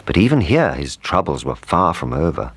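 A man telling a children's storybook with an animated, expressive delivery. His voice is extremely deep, yet it rises and falls a great deal. The sound is close and dry. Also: moderate pace, husky, no room sound. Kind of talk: storybook narration.

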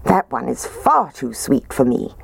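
A woman's voice: very deep voice, very animated, a little slow, gravelly, husky, dry recording, exaggerated voice. A woman voicing a fussy little girl tasting and testing things in a storybook reading.

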